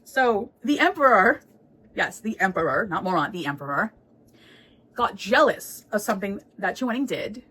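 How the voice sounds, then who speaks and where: A woman's voice: medium pitch, very animated, moderate pace, pushed and bright, breathy edge, poor audio. A woman giving a casual, chatty book recap, laughing often and swearing freely. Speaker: book reviewer.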